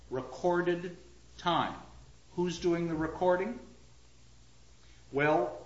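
A man lecturing on literature, theatrical and animated, drawing out quoted lines slowly and with heavy emphasis. His voice sits a bit high for a man. The sound is dull and lo-fi, echoing around a lecture room.

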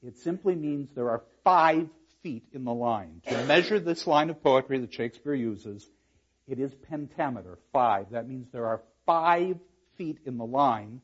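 A man's voice: mid-range voice, animated, measured pace, husky, muffled recording. A man giving a university lecture on a play, explaining verse and reading lines aloud with dramatic emphasis. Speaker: literature lecturer.

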